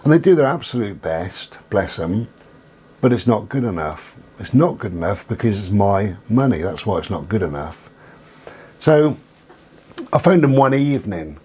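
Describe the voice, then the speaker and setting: A man with a husky voice, telling an exasperated story about phone calls and acting out both sides of the dialogue. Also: fairly low pitch, big pitch swings, normal speed, a little mellow. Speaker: vlogger. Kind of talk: casual storytelling rant.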